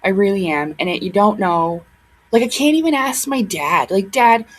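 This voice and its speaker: A young woman speaks to her viewers from home in a breathy, airy voice at an ordinary middle pitch. She rambles and doubles back, her casual talk sliding between gratitude and upset, with plenty of fillers. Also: animated, moderate pace, rough recording. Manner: rambling, emotional, frequent fillers and restarts. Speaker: vlogger. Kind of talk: casual chat to camera.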